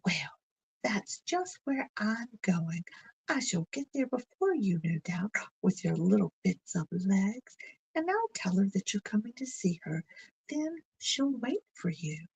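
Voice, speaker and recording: A scheming storybook wolf, coaxing and falsely friendly, as a woman reads him. The voice is breathy and husky. It moves slowly, with a lively, swooping pitch. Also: full character voice, rough recording. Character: sly, scheming wolf posing as kindly.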